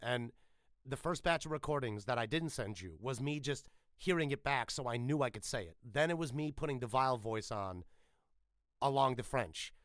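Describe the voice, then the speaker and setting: A man's voice: medium pitch, a bit bright, no room sound, studio quality. A man, a voice actor, talking casually and emphatically in an interview, swearing freely. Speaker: voice actor guest.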